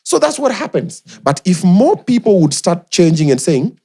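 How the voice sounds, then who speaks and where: A man's voice: high voice, very animated, moderate pace, dark tone, breathy edge. A young man with a Kenyan accent, chatting animatedly as a podcast guest and mixing in Swahili slang. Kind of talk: casual chat.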